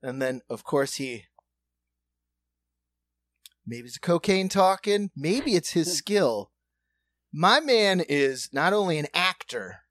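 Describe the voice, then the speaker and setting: Guy on a podcast telling a wild story, kinda high voice, does little voices, dry close sound. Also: slow, long pauses, dry recording. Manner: animated, acts out other people's voices, laughs often. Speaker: podcast co-host. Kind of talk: casual storytelling chat.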